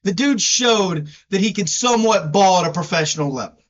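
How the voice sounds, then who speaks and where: High-voiced Southern man trash-talking football. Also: animated. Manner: brash, teasing, drawn-out emphasis. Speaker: podcast co-host. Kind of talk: casual sports chat. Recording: dull lo-fi sound.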